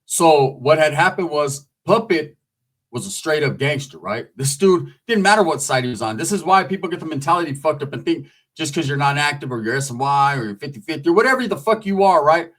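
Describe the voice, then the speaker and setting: A man's voice: a little high, fast, hardly any pauses. Streetwise man telling a story. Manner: streetwise, profane, animated retelling with acted quotes. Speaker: storyteller recounting prison life. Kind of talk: casual storytelling.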